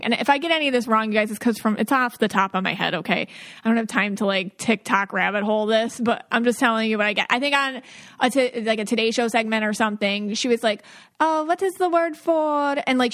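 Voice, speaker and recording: A woman's voice: on the high side, fairly bright tone. A woman hosting a podcast, chatting casually and telling a rambling story with lots of fillers. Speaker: podcast host, psychic. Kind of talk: casual chat.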